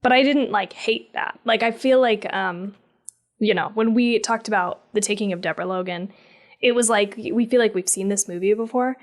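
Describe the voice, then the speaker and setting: A woman's voice: mid-range voice, normal speed. Chatty woman podcast co-host. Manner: chatty, many fillers like "like". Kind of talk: casual movie review chat.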